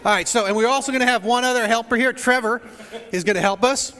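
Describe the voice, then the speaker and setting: Speaking very fast in a very high, pushed, bright voice, a male pastor kicks off a sermon in a large church hall. He opens with jokes and banter aimed at the people in the pews.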